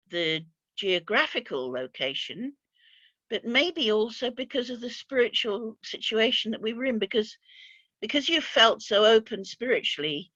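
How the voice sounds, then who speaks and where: Older woman, slow reflective storytelling, lots of ums and restarts, kinda muffled dry sound. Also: mid-range voice, pushed and bright, no echo. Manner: hesitant, many fillers and repeated words. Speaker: interview guest recalling mission years.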